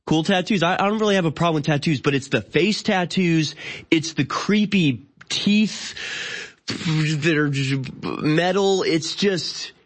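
Exasperated man ranting on a talk show. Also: a little high. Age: 30s. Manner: exasperated, incredulous ranting with sardonic asides; halting, with frequent restarts and fillers. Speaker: show host. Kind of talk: opinionated monologue.

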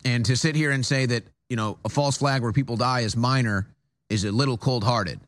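A man's voice: medium pitch, a little fast, a bit bright. A man hosting a political talk show from a studio, delivering an emphatic monologue with frequent stammered restarts.

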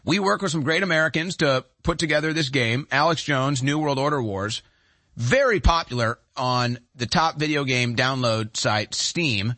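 Forceful, sarcastic male political host. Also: medium pitch, normal speed, dry recording. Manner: sarcastic, emphatic, combative. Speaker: talk show host. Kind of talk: political commentary.

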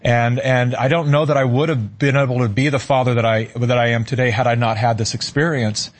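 A middle-aged man, a guest on a talk show, telling a personal story in an earnest, halting way and repeating words as he searches for them. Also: medium pitch, steady tone.

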